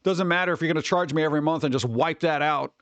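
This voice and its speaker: High-voiced ranting man streamer. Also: fast, no echo. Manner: ranting, animated, swears lightly. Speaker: streamer host. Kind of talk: casual chat.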